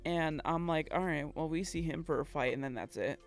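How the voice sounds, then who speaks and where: A woman's voice: sits low, a little fast, soft background music. A woman co-hosting a podcast, recapping a game story in casual chat, acting out the characters' lines and laughing often. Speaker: podcast co-host.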